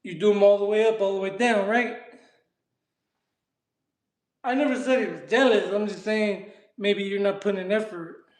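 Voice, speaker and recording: A man's voice: high voice, steady tone, moderate pace, long pauses. A man chatting casually in street slang while he works out on a live stream and answers his chat. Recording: echoey room.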